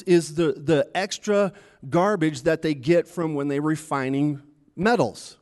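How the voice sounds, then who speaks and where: A man's voice: on the high side, darkish tone. A man preaching a sermon in a chatty, conversational way, retelling a story and acting out the taunts with a rising voice.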